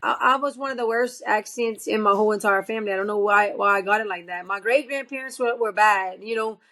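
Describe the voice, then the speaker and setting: A woman's voice: mid-range voice, fast. A woman in her forties from South Louisiana with a thick Cajun accent, chatting as a podcast guest and telling stories. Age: 40s. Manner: lively storyteller with a thick drawl. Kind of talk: casual chat.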